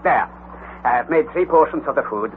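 A man playing a booming, commanding old professor-explorer. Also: lively intonation, normal speed, natural voice. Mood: steady, resolute. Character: elderly male professor explorer, bold, commanding. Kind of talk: 1940s radio acting. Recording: tinny, hissy old radio broadcast.

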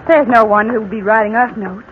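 A woman's voice: a little high, fairly even intonation, brisk, lightly acted. A woman playing a cold, vengeful young wife. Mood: teasing, cool. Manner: smooth, taunting, theatrical. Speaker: radio drama actress. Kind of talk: 1940s radio acting. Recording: tinny lo-fi old radio recording with hiss.

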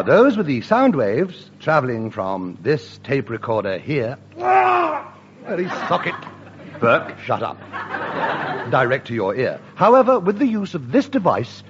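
A man performing a deadpan mock science lecture in a radio sketch comedy. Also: mid-range voice. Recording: dull old radio recording with hiss.

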